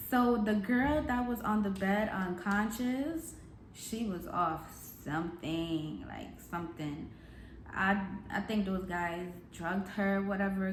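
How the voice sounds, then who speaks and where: Young woman, storytime vlog, heavy slang and cursing, animated, echoey room, faint background hum. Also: mid-range voice. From New York. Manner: animated, profane street slang, acts out shouted quotes. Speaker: vlogger.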